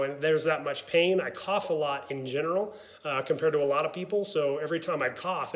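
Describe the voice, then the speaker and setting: A man's voice: on the high side, a bit bright, dull audio. A middle-aged man, a former wrestler and gym owner, speaking candidly in a personal vlog, earnest and rambling with many fillers and restarts.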